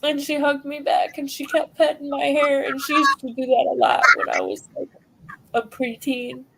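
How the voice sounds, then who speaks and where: A young woman speaking heartfelt and halting about her late mother, at times swearing, as a grieving daughter on a livestream. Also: high-pitched, lively intonation, vocal fry, a bit bright, a little hiss or hum, low-quality recording. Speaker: grieving daughter sharing a memorial tribute. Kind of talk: emotional personal talk on a livestream.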